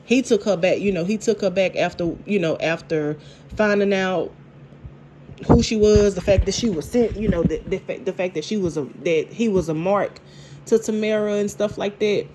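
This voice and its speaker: A woman, casually recapping a TV drama episode, animated and laughing, with lots of repeats and restarts. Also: medium pitch, normal speed, a little hiss or hum. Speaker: TV show reviewer.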